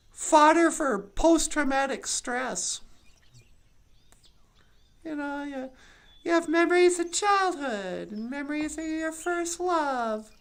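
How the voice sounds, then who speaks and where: A giggly, rambling cartoon woman, as a performer does her voice, talking in a high, sing-song voice that swoops up and down. She takes her time over her words, musing aloud while birds sing around her. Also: a bit bright, heavily acted. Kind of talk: puppet show monologue.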